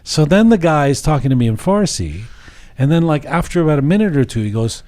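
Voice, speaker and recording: A middle-aged man from England, casually telling an animated funny story and mimicking voices. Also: a little high, fairly quick. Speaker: podcast host telling a story.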